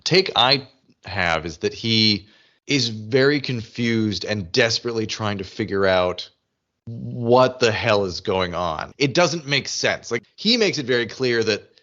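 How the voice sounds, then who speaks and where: A man co-hosting a podcast in casual chat, animated and full of restarts as he talks. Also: on the low side, measured pace, muffled recording. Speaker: podcast co-host. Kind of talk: casual chat recapping a TV episode.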